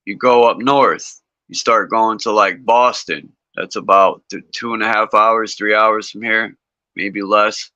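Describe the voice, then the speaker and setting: A man's voice: on the low side, steady tone, unhurried, bright, forceful tone, no room sound. A man chatting casually, blunt and swearing now and then. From northeastern United States. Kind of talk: casual chat. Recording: dry, dull lo-fi call audio.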